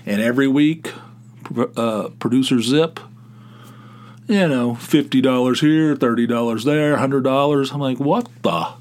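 A man's voice: mid-range voice, a little slow, darkish tone. A middle-aged man hosting a casual solo podcast, rambling with stammered restarts and swearing. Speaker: podcast host.

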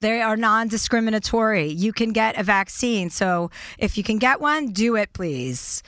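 A chatty woman in her forties hosts an interview podcast, joking and cursing freely. Her voice sits at an ordinary middle pitch. It is recorded close and dry. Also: expressive, moderate pace, fairly bright tone, clean tone, no room sound. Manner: chatty, swears casually, jokey. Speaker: podcast host. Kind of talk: casual interview chat. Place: ski town.

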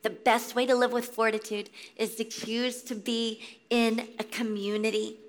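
A woman's voice: on the high side, flat delivery, normal speed. A woman in her thirties giving an impassioned inspirational sermon at a faith event, exhorting listeners and calling them friends. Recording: long reverb of a large hall.

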